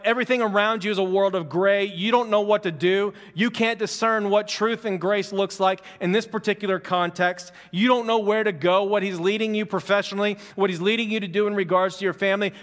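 A man delivering a sermon in a casual, conversational way, building fervor through repeated phrases. His voice sits high for a man. The sound carries a long reverb, like a large church sanctuary. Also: fairly bright tone. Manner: conversational, fervent preaching with repetition. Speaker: pastor.

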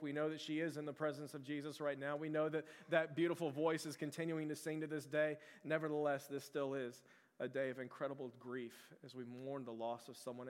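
A pastor preaching a sermon to his church in a conversational, earnest way, with frequent fillers and restarts. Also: on the high side. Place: church sanctuary. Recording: long hall reverb.

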